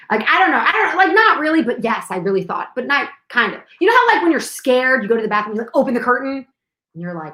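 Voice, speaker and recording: Lively, bright-voiced woman telling a story. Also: sits high, rapid-fire. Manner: dramatic, acts out scenes with shifts in volume. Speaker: show host telling a personal story. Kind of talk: animated anecdote. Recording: echoey room.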